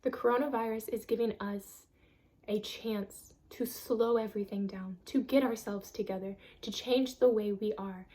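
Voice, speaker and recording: A woman's voice: medium pitch, fairly even intonation, normal speed, warm tone. A woman giving an earnest, emphatic self-help talk on a vlog, repeating phrases for stress. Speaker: vlogger.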